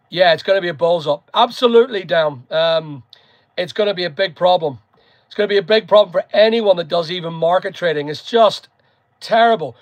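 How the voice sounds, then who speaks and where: Hosting a casual live chat, a man with a Northern Irish accent and a high voice rambles and greets viewers by name. The recording is lo-fi, with no room sound.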